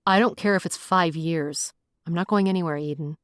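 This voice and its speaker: Audiobook role: an earnest male police chief, protective and soft-spoken, a lower register, read by a woman. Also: moderate pace, clean tone, no echo, studio quality, lightly acted.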